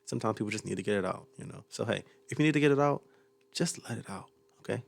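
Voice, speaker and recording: A man's voice: lowish voice, fast, creaky, no echo. A young man hosting a reaction video, chatting casually and chuckling often as he jokes about what he watches. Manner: chuckles often, loose and joking.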